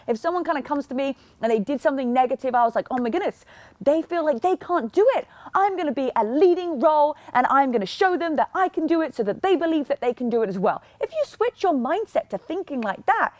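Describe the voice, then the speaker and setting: Young woman hyping people up on her podcast, bouncy lively voice, super emphatic. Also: high-pitched, dry recording. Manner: energetic, emphatic, mimics other people in asides. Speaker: podcast host and fitness coach. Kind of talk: motivational talk.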